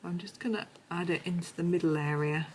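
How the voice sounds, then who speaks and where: A low-pitched woman, hoarse today, talks through a colouring tutorial. She rambles and corrects herself as she goes, with faint pencil scratching behind her. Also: steady tone, brisk, darkish tone, slight background noise, poor audio. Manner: chatty, meandering, self-correcting. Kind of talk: casual tutorial narration.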